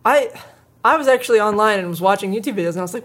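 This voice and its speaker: A woman's voice: mid-range voice, animated, racing. A woman co-hosting a tech news show in casual chat, joking and playful.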